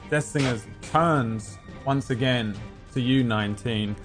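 Relaxed man running a tabletop game. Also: medium pitch, over music. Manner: relaxed, halting narration with many fillers and sound effects. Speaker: game master.

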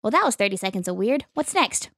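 A woman's voice: mid-range voice, big pitch swings, fast, over music. A young woman co-hosting a podcast, chatting casually and cracking teasing jokes. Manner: playful, teasing quips. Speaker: podcast co-host.

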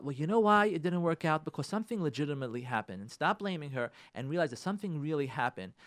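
A man gives marriage advice on the radio in a bright, high voice that jumps around a lot. He preaches with animated repetition and scatters Hebrew religious words through his talk. His delivery swings between soft pleading and emphatic bursts. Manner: animated and preachy, with repeated phrases and quick asides; sprinkles Hebrew and Yiddish religious terms. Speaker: radio show host and marriage counselor.

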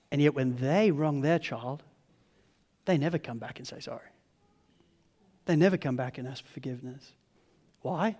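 A pastor in his thirties delivers a sermon, slipping into lively voices to act out scenes. His voice sits high and sounds bright and forceful. The room behind him adds a long, ringing reverb. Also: normal speed, long pauses. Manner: animated, acts out family scenes in voices. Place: church hall.

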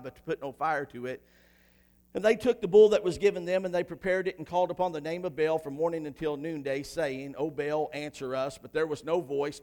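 A man preaching a sermon in a church, moving from quiet reading of scripture to loud, shouted preaching. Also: a little high.

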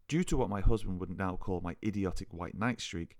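Wry, low-voiced man narrating. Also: brisk, dry recording, studio quality. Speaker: podcast narrator and author. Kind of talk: first-person audiobook narration.

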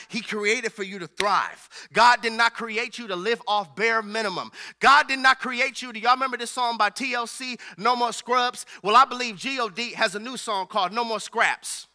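Very high, piercing male preacher. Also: pushed and bright. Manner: rhythmic repetition, call and response. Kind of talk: sermon.

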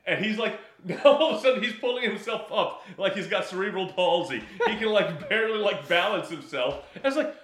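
A man's voice: sits high, a little fast, hardly any pauses. Man, casual film recap chat, laughing storyteller, roomy echo. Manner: animated, laughing, acts out lines in funny voices.

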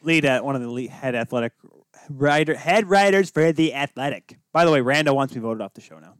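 Excitable joking young man, lively pitch. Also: a little fast, clear, resonant tone, dry recording, clean studio sound. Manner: goofy, joking, wrestling references. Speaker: podcast co-host. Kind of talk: casual sports chat.

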